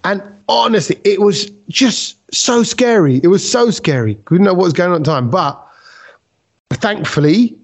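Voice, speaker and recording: High-voiced man telling a story. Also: normal speed. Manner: animated storyteller who acts out quotes. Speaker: podcast host. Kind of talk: casual podcast storytelling.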